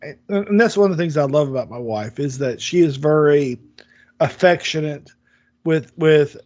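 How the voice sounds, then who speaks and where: Guy host rambling in casual chat, kinda high voice, dry dull lo-fi sound. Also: normal speed, a little mellow, no echo. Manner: rambling, many restarts. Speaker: podcast host.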